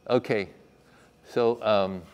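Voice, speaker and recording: A man's voice: lowish voice, steady tone, slow, smooth. Man teaching a children's Bible lesson. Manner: asks the room questions, acts out the story. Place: chapel. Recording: echoey hall.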